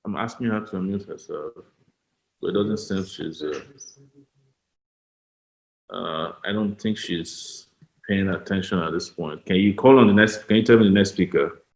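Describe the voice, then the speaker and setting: Halting man moderating a video call. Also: sits low, creaky. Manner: halting, filler-heavy, coordinating. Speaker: moderator of an online rally. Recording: roomy call audio.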